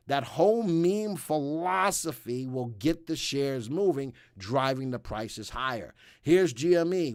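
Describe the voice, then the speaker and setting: A man's voice: mid-range voice, no room sound, clean studio sound. Chatty man hosting a stock livestream. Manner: chatty, rambling with fillers and asides. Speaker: livestream host. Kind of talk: casual market commentary.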